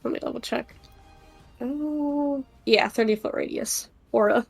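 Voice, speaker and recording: A woman player at a tabletop game talks slowly and hesitantly. Her voice sits a little high, with faint music behind. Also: gravelly. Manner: hesitant, unhurried.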